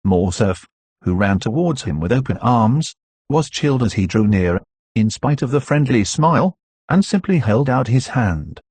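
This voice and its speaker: Man, audiobook narrator, measured reading, husky, dry close sound. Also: on the low side, a little mellow, dry recording. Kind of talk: scripted narration.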